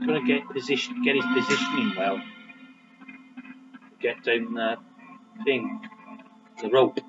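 Slow-talking man commenting on a game. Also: mid-range voice. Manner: chatty, mutters to himself, jokey asides. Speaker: let's play commentator. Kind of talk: casual gameplay commentary. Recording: dull lo-fi audio over game music. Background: game music.

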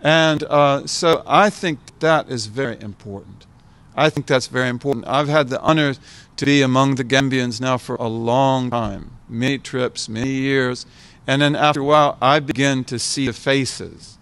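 An older American man giving an informal talk to a gathered audience. He speaks reflectively, circling back and repeating key words for emphasis. His voice sits at an ordinary middle pitch. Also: steady tone, normal speed, few pauses, a bit bright, smooth. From United States. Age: 70s. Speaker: guest speaker, scholar.

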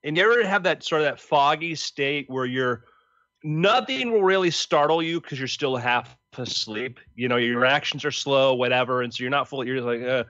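A man co-hosting a podcast, telling anecdotes casually in an animated way and acting out the quotes. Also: medium pitch, normal speed, dry recording. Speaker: podcast co-host. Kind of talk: casual storytelling chat. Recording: dry, dull lo-fi mic.

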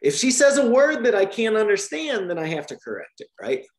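Lively man coaching new teachers. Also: sits high, fairly quick, reverberant. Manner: lively, repeats "right?" to check understanding. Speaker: language teacher trainer. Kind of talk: explaining teaching methods in a training Q&A.

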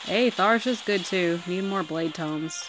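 A woman talking through her game pulls in an unhurried, low-pitched voice, cursing casually and jumping between excited squeals and quiet grumbling. Soft music plays faintly behind her. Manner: excitable, swears freely, swings from squealing to muttering. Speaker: mobile game summoning vlogger. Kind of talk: casual gaming commentary.

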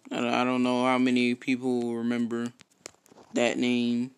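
A man giving casual gameplay commentary, swearing constantly and breaking into loud frustrated outbursts. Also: medium pitch, completely flat delivery, normal speed, clean tone, poor audio. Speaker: gamer and YouTuber.

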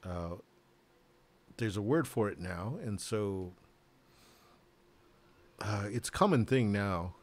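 A man's voice: fairly low pitch, slow, long pauses. A man chatting casually while playing a game on stream, rambling and losing his train of thought. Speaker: streamer and co-player. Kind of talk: casual chat while gaming.

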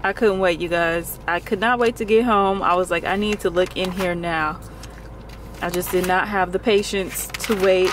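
Young woman gushing into her phone cam in the car, gasps a lot, faint traffic noise behind. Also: on the low side. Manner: gasping, exclaiming, talking fast and excitedly. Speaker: vlogger. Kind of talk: excited casual vlog. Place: in a parked car. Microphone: phone camera held close.

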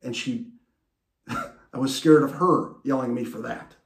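A man hosting a podcast and telling a personal story in an animated way, with restarts and laughs. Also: medium pitch, a little slow, creaky, reverberant. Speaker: podcast host. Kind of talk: storytelling monologue.

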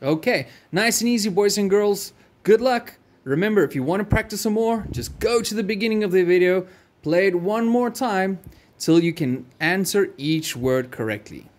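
A man teaching a phonics lesson to young children, reading each word slowly and clearly and encouraging them. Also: high-pitched, lively intonation. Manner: slow, clearly enunciated word-by-word reading with repetition; encouraging, addresses children directly.

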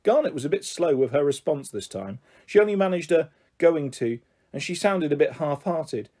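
A man reads a children's novel aloud with lively, expressive storytelling. His voice sits slightly high, mellow and somewhat husky. He gives the first-person narration a playful bounce. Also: fairly quick. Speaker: audiobook reader.

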